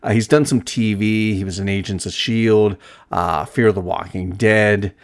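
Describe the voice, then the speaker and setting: A man's voice: lowish voice, steady tone, a little slow. A middle-aged man giving a casual, rambling film review, restarting sentences and chuckling to himself as he talks. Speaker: film reviewer, shop host.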